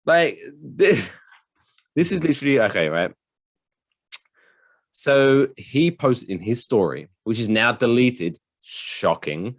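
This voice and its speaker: A man's voice: medium pitch, lively intonation, slow, long pauses, no echo. A man hosting a casual comedy podcast, rambling through a story and swearing freely. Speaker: podcast host.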